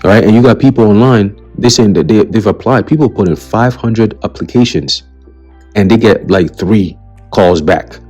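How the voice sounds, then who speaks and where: Low-voiced man ranting on his own channel. Blunt, profane, preachy, faint music underneath. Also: normal speed, darkish tone, breathy edge. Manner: blunt, profane and heated, repeats "okay?" as a tag; preacherly, warns of coming doom. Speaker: commentary channel host. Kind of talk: ranting commentary on a list of news items.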